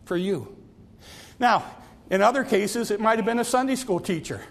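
A man preaching a sermon, repeating and stretching key phrases, sometimes sinking to a hush and sometimes rising to a cry. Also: sits high, gravelly. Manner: drawn-out emphatic phrases, dropping to near whispers; repeats phrases and stumbles on restarts.

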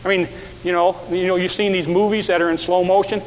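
Man preaching, high voice, storytelling, shouted peaks, long hall reverb. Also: flat delivery, brisk, a little hiss or hum. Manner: storytelling, acts out quotes, builds to shouted peaks. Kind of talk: sermon.

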